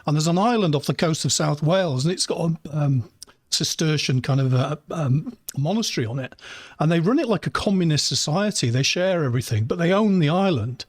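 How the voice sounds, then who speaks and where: A man's voice: a little high, animated, brisk, no room sound, clean studio sound. A man hosting a podcast interview, asking rambling, chatty questions with plenty of fillers. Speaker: podcast host. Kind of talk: conversational interview.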